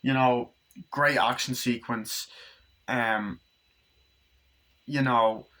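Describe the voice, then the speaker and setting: A man's voice: mid-range voice, steady tone, drawn-out words, sharp tone. A man casually recapping a film scene by scene, rambling and swearing, with lots of "like" and "um". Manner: rambling, profane, full of fillers. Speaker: movie reviewer.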